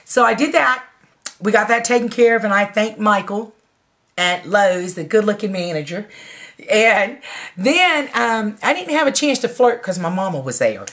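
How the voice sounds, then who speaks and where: A woman's voice: mid-range voice, lively intonation, moderate pace, fairly bright tone. Chatty, blunt woman in her forties. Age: 40s. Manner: chatty, blunt, swears freely, laughs while telling. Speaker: vlogger. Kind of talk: casual storytelling to camera.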